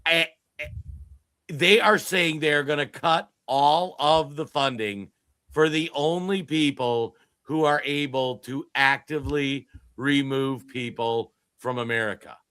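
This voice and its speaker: A man co-hosting a political commentary podcast, talking in an animated, emphatic way with frequent restarts. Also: medium pitch, slow pace, clear, resonant tone, dry recording. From Minnesota. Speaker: podcast co-host. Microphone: streamed podcast mic.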